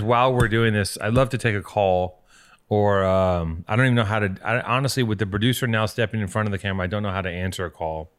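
A man hosting a casual podcast, joking and rambling, often restarting his sentences. He sounds a little underslept, with a slightly low voice. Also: fairly bright tone. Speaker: podcast host. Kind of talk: casual chat.

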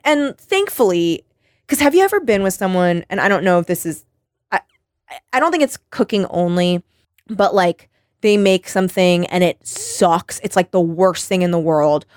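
A woman in her thirties tells stories in a casual chat and keeps breaking into laughter. She acts out other people's voices and swings widely in pitch. The sound is dry and close. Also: moderate pace, dry recording. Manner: animated storytelling, acts out quoted voices; laughs often. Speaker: podcast host.

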